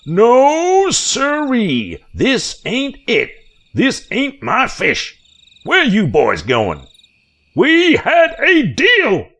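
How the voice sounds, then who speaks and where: A man's voice: high-pitched, huge pitch swings, very slow, fairly bright tone, pitched above the performer's own voice, full character voice. A filthy hollering backwoods man. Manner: hollering, drawling, menacing.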